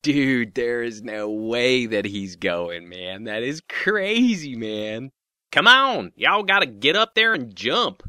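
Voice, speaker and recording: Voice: mid-range voice, sing-song, slow, sharp tone, smooth, no room sound, studio quality, exaggerated voice. Someone doing a laid-back bungee dude. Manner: casual, drawling.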